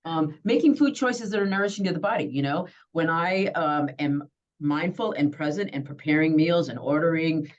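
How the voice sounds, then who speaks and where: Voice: mid-range voice, moderate pace, highs cut off. A healthcare provider giving a conversational webinar talk, often checking in with "right?" and "you know?". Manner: chatty, keeps asking "right?" and "you know?". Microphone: computer mic on a video call.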